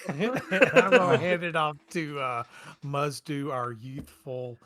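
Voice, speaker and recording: Slow-talking man, crowd noise behind. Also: a little high. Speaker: player. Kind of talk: casual tabletop play.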